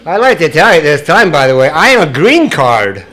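A man's voice: a little high, sing-song, moderate pace, noisy background. Profane, joking Scottish man. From Scotland. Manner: profane, joking, chuckling at his own stories. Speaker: speaker at a recovery meeting. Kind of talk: confessional storytelling to an audience.

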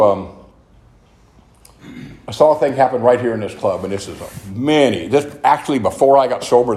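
A man's voice: fairly low pitch, darkish tone. An older man telling his own story at a recovery meeting, earnest and rambling. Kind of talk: personal testimony talk. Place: meeting room of a club. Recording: echoey room, faint noise.

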